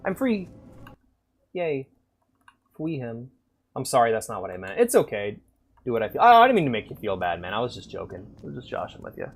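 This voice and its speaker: A man's voice: medium pitch, very animated, fast, a little hiss or hum. A man chatting casually and crudely with viewers while live-streaming a game. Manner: crude, joking, chats with viewers.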